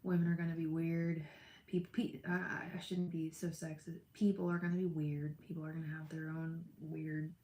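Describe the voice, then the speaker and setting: A woman's voice: low voice, little pitch movement, normal speed, warm tone, roomy sound. A young woman chatting with viewers on a live tarot stream, gushing and emotional, calling people by name. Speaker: livestream tarot reader.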